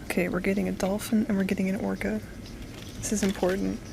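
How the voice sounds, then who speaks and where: A young adult woman filming a casual vlog, chatty and playful and quick to laugh, talking from behind a handheld camera. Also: medium pitch, flat delivery, vocal fry, background noise. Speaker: vlogger.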